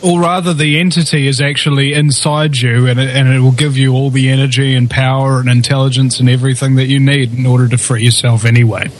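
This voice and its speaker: A man's voice: medium pitch, little pitch movement, quick pace, hardly any pauses, a little hiss or hum. A man hosting a call-in talk radio show, chatty and rambling, fond of telling jokes.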